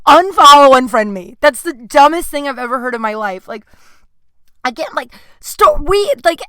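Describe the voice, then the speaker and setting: A woman's voice: high voice, lively intonation, moderate pace, dry recording. A woman hosting her own podcast, talking in a rambling, candid way with many fillers and sudden bursts of exasperation. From California. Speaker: podcast host. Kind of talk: casual solo podcast monologue.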